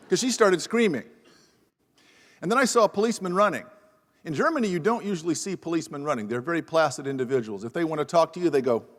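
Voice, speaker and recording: Here the professor's voice sits on the high side and sounds a bit bright as he shares a wry, self-mocking anecdote at the panel. A lapel mic catches him in a big university hall with a lingering echo.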